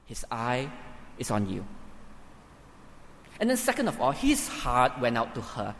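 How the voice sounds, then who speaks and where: A man preaching a sermon in a church hall, emphatic and building to forceful peaks. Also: medium pitch, wildly swooping pitch, a little slow, slight background noise. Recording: reverberant hall, faint ambience.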